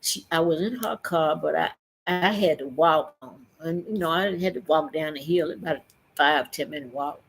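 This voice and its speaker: A middle-aged woman, telling a personal story in a lively way and acting out the voices of the people in it. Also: low voice, normal speed, vocal fry, a little hiss or hum. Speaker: vlogger.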